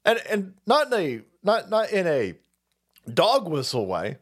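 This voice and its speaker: Profane ranting man, animated pitch. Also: a little slow. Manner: profane, mocking, mimics opponents in silly voices. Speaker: streamer host. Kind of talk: ranting political commentary stream.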